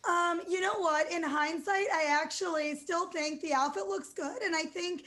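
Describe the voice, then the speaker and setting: A woman in her thirties with a high voice speaks as a guest on a news program. She answers in an upbeat, fluent way, leaning on "you know" as she goes. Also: fairly even intonation, moderate pace, bright, forceful tone. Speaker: guest, DJ and entrepreneur. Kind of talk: remote TV news interview.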